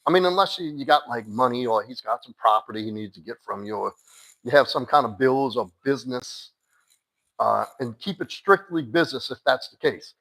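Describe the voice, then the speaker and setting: A man's voice: medium pitch, animated, a little fast, creaky, a bit bright, rough recording. Blunt, cursing man giving dating advice. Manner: blunt, direct, curses casually; addresses a listener by name, firm and insistent. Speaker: dating coach. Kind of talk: live-stream advice talk.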